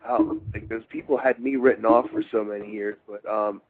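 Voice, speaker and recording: A man's voice: lowish voice, fairly even intonation, moderate pace, husky. A middle-aged man from Baltimore, a former wrestler, telling rambling, meandering stories in an interview. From Baltimore, USA. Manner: meandering, full of fillers and restarts. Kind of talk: rambling shoot interview storytelling. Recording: phone-like interview line.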